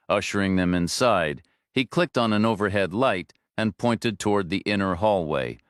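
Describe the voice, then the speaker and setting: Brief: low-voiced man, steady audiobook narration, close dry mic. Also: smooth, dry recording. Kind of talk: scripted narration. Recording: dry close studio read.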